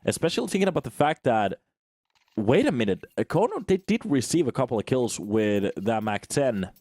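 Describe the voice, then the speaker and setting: A man's voice: mid-range voice, sing-song, moderate pace, darkish tone, no echo, clean studio sound. A man giving live play-by-play commentary on a competitive match, chatty and joking with viewers between calls. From Finland. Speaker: esports commentator.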